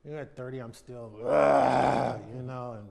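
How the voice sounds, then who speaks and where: A man's voice: medium pitch, fairly even intonation, fast, darkish tone. Candid, reflective American man in his fifties. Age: 50s. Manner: candid, reflective, acts out quoted voices. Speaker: interview guest, retired baseball player. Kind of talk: sit-down TV interview.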